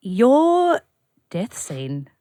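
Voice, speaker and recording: A woman's voice: fairly high pitch, huge pitch swings, very slow, mellow, dry recording, clean studio sound. An Australian woman in her thirties hosting a podcast, chatty and enthusiastic as she interviews a guest. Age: 30s. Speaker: podcast host.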